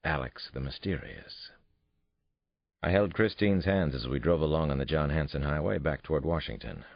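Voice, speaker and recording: Super deep gravelly guy reading an audiobook, lively wry storytelling, dry muffled sound. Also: no room sound. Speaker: audiobook narrator. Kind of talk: first-person audiobook narration. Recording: dull, muffled studio read.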